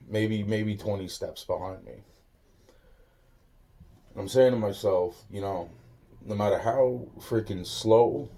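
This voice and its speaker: A man's voice: lowish voice, vocal fry, warm tone, breathy edge. A man casually telling a rambling personal story, swearing often and restarting his sentences. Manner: rambling, profane, many restarts. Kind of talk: casual spoken anecdote.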